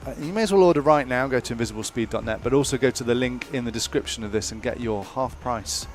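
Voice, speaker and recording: A man co-commentating a live race, relaxed and bantering with his partner. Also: mid-range voice, quick pace.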